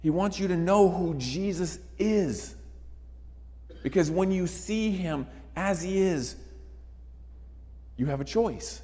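An emphatic male preacher delivering a sermon, his voice sitting a touch high for a man. He drives points home by repeating phrases. The sound carries a long reverb from a large hall. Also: animated, slow, pauses often, warm tone.

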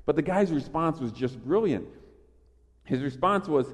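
Emphatic preacher man, fairly high voice. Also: normal speed, breathy edge, in a large hall. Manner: emphatic, animated, with frequent restarts. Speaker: pastor. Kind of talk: sermon.

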